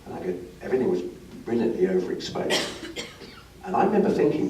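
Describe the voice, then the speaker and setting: An older man with a lowish voice tells a racing anecdote with wry, self-mocking humor. He is picked up from across an echoey function room, with faint room noise behind him. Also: big pitch swings, a little fast, gravelly, a little mellow. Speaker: guest speaker. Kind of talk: anecdotal storytelling to an audience. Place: club brunch function room. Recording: echoey room, recorded from a distance.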